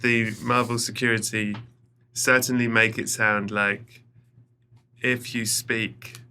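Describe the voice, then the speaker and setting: A middle-aged English man, a podcast guest, telling stories with lively acted-out quotes. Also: mid-range voice, slow pace, smooth. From England. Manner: animated storyteller, acts out quoted lines. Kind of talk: casual podcast chat.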